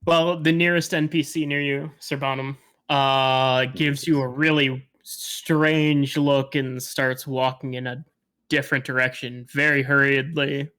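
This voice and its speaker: A man narrating as game master of a tabletop game, halting and full of fillers. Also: medium pitch, little pitch movement, pushed and bright, clean tone.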